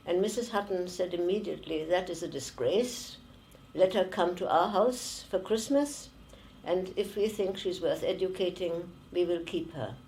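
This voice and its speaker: Elderly woman in her nineties, German accent, low voice, slow halting testimony, faint background ambience. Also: darkish tone, slight background noise, rough recording. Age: 90s. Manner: slow and halting, with frequent fillers. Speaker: interviewee, former refugee. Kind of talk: oral history testimony.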